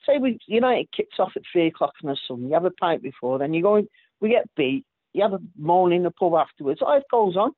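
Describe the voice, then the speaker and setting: A man's voice: sits high, very animated, quick pace, no room sound. A man chatting casually about football, often tacking tag questions onto his sentences. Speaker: football podcast guest. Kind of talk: casual chat. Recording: tinny phone-like line.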